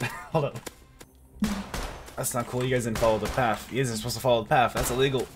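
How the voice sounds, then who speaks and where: A man hosting a casual gameplay video, jokey and excitable, yelping and laughing through his commentary. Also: medium pitch, fast, long pauses, faint music behind. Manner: excitable, jokey, yelps and laughs at close calls. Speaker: gaming video host.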